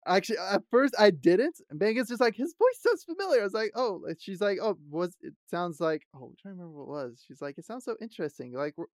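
Man, podcast co-host, casual fan chat, laughs a lot, animated delivery, dry sound. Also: high voice, quick pace, few pauses, no echo. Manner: animated, laughs often, shrieks quotes. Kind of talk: casual chat about a fantasy show.

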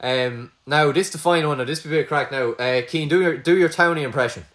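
A man's voice: a little high, fast, fairly bright tone. A young Irish man running a casual quiz between friends, teasing and swearing freely. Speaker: quizmaster. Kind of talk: casual chat.

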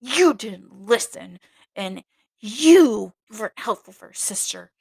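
A woman voicing a stern, scolding female novice mistress who speaks slowly and accusingly. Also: mid-range voice, fairly bright tone, husky. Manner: slow, emphatic, accusing.

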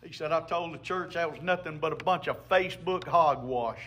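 A man's voice: on the high side, moderate pace, a bit bright. A man preaching a sermon as a pastor, emphatic, with call-and-response to the congregation.

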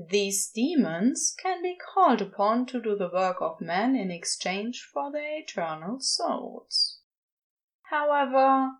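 A woman reading a comic story aloud as a narrator, with a wry, expressive delivery. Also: on the high side. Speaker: podfic reader.

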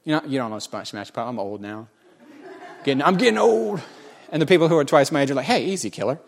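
A man in his forties preaching a sermon, folksy and joking with the congregation, swinging between loud exclamations and quiet asides. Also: mid-range voice, fast talker, creaky. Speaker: pastor.

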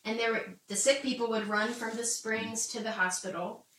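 A woman's voice: a little high, steady tone, normal speed, fairly bright tone, distant mic. A woman explaining history in a casual Bible discussion, chatty, laughing often and saying "like" a lot. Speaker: Bible study co-host. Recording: echoey room, off-mic, faint noise.

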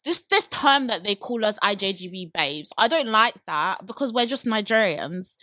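A woman's voice: mid-range voice, normal speed, dry recording. A young woman in her twenties with a London accent, hosting a podcast and telling stories in casual chat. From United Kingdom. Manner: chatty, animated storytelling with laughs. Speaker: podcast host.

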